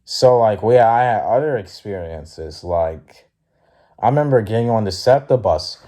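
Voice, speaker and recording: Sleepy philly guy, slow and mellow, rambling with lots of likes. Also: fairly low pitch, lively intonation, slight background noise. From Philadelphia, USA. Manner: rambling, many fillers, blunt and profane when heated. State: sleepy, yawning. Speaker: student vlogger. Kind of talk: casual storytelling.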